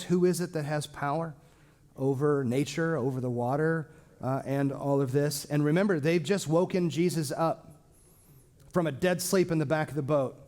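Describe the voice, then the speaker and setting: A man teaching a small church Bible class in a casual, joking way, with lively asides to his listeners. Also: on the high side. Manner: lively, joking, acts out quoted speech.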